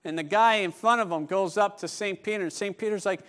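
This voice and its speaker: High-voiced, joking male preacher. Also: fairly quick, a bit bright. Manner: conversational and joking. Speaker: pastor. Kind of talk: sermon.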